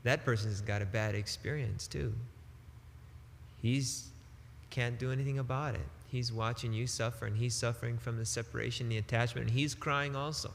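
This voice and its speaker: A man giving a devotional sermon as a spiritual teacher, emphatic and deliberate, with casual turns of phrase. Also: medium pitch, fairly even intonation, vocal fry, big-room sound, a little hiss or hum.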